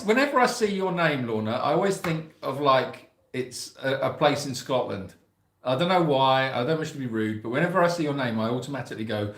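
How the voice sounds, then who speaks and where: Co-hosting a casual live stream from a sanctuary, a man reads out viewer greetings from the chat and jokes along in a chatty way. His mid-range voice is very animated and a bit bright at a moderate pace, with roomy echo around it.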